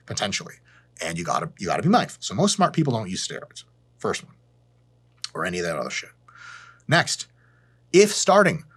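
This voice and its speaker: Husky, sarcastic male fitness educator. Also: medium pitch. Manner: sarcastic and blunt, swears freely; deadpan asides. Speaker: fitness educator hosting his channel. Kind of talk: profane, joking educational rant to camera.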